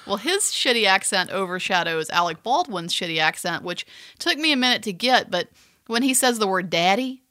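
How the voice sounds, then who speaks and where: A woman co-hosting a film podcast who gives blunt, opinionated takes with sarcasm. Her tone is bright and the recording is dry and close. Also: medium pitch, lively intonation, normal speed, no room sound. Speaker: podcast co-host. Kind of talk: casual film discussion.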